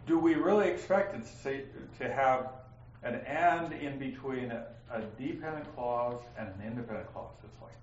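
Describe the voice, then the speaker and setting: A man's voice: mid-range voice, moderate pace, reverberant, dull audio, slight background noise. A man teaching a Bible class, explaining grammar step by step and reading passages aloud to students. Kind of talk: classroom lecture on scripture grammar.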